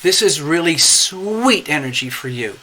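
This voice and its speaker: A man's voice: on the high side, lively intonation, measured pace, sharp tone, slight background noise. A man giving a live-streamed tarot reading in a chatty, rambling way, often checking in with "okay?" and greeting viewers. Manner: lots of "okay?" and "you know". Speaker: tarot reader.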